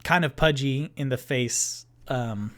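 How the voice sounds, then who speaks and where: Slow, rambling man narrating as game master. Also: mid-range voice, fairly bright tone. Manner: meandering, filler-heavy narration. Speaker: game master playing solo. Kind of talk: narrating a tabletop game on a livestream.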